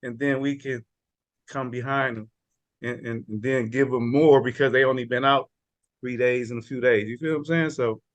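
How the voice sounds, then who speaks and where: A man's voice: mid-range voice, fairly even intonation, moderate pace, dry recording, dull audio. A man explaining a support and mentor group in casual, slangy talk. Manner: casual, slangy, repeats words.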